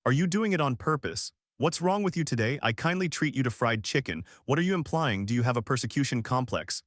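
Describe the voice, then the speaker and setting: A man's voice: mid-range voice, expressive, a little fast, no echo, studio quality, lightly acted. A man reading a storybook, voicing a jealous young woman roommate who whines and pushes. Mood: pushy. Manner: demanding, whiny, guilt-tripping.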